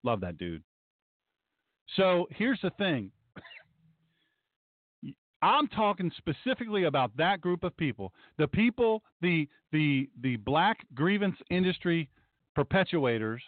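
Brief: emphatic, sarcastic male pastor-host, high lively voice, tinny phone-like audio. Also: a little slow, pauses often, dry recording. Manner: sarcastic, emphatic, repeats phrases. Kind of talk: sarcastic commentary talk show. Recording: dry, tinny phone-like sound.

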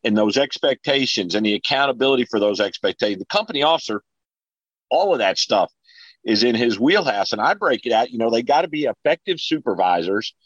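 A man's voice: medium pitch, animated, a little fast, husky, no echo, lo-fi sound. A man speaking as a guest in a casual panel discussion, earnest and repeating words as he starts his sentences. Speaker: panel guest, fire officer.

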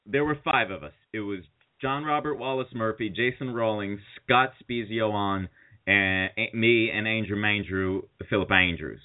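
A man's voice: fairly low pitch, normal speed. A man hosting a podcast, telling a story in a rambling way and laughing as he goes. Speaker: podcast host. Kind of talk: casual chat, storytelling. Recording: tinny phone-like sound.

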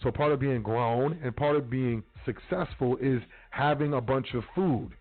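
This is a man's mid-range voice at normal speed, hosting a casual talk show as a podcast host. His monologue is blunt, heavy on street slang, with some profanity. The audio is tinny, like a phone line, with faint music.

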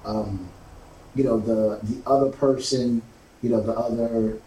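A man hosting a casual talk show, speaking haltingly with many fillers and restarts. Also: mid-range voice, steady tone, dark tone. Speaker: host. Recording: roomy, distant mic, faint background noise.

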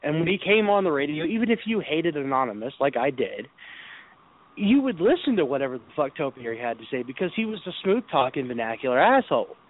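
Brief: foul-mouthed male radio host, raised pitch, thin phone-line audio. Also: big pitch swings, fast. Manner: profane, storytelling, laughs often. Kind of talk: casual crude chat on internet radio. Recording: tinny call-in audio.

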